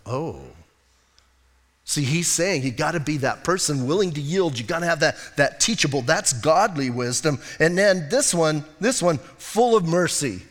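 A man's voice: fairly high pitch, lively intonation, moderate pace, a bit bright, in a large hall. A middle-aged man preaching a conversational sermon, joking and candid about his own faults. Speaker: pastor.

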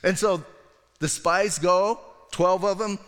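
A man's voice: sits high, steady tone, takes it slowly, a bit bright. A male pastor preaching a sermon in a casual, conversational way, acting out voices as he retells stories. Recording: long hall reverb.

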